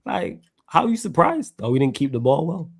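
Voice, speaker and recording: A man's voice: fairly high pitch, very animated, brisk, gravelly, breathy edge. A man hosting a live online chat, bantering and laughing with slang. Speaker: host. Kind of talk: casual live stream chat.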